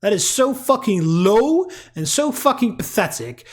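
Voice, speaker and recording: Lively, ranting male gamer. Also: high-pitched, a little slow. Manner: angry profane ranting, mocking voices. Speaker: gaming YouTuber. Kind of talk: ranting let's-play commentary.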